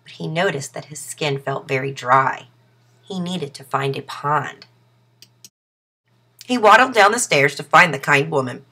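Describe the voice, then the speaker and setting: Female storyteller for a kids' picture book: expressive read-aloud, bright and airy. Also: low voice, measured pace, pauses often, slightly rough. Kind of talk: reading a children's story aloud.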